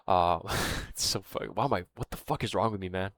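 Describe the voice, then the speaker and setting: A man's voice: deep voice, fairly quick, fairly bright tone. A man telling a story in a casual, rambling monologue, swearing often and losing his thread, with fillers like "right?" and "man". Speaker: vlogger.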